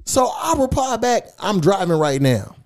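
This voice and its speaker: A man with a fairly high voice hosts a casual podcast. His pitch swings widely as he tells a profane, mocking story, reading text messages aloud between jabs at the sender. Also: unhurried. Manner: animated, mocking. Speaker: podcast host.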